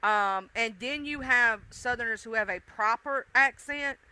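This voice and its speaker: Chatty Southern woman with a bright voice. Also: on the high side, measured pace, smooth, rough recording. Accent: Southern US (mixed deep South). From Southern United States. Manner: rambling, chatty, swears freely, addresses chat directly. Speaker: livestream host. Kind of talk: casual livestream chat with viewers.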